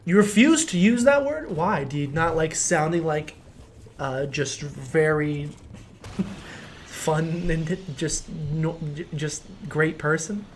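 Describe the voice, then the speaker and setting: A man's voice: a little high, expressive, slow pace, a little hiss or hum. A young man streaming a game, rambling jokily with mock-serious explanations, faint game music behind. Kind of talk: casual gameplay commentary.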